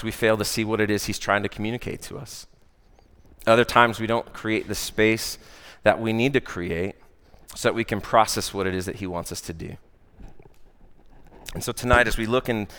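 A man's voice: fairly low pitch, fairly bright tone, clear, resonant tone. American man preaching in a reverberant hall. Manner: conversational, many "uh" fillers and "right?" asides. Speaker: worship director preaching. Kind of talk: sermon with personal story. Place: church or worship hall. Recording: long church-hall reverb.

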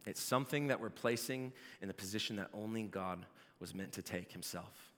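A pastor preaches a sermon in a bright, forceful, fairly low voice at a fairly quick pace. He's animated and lively, building to loud shouting when he jokes, and the large hall gives his voice a long reverb.

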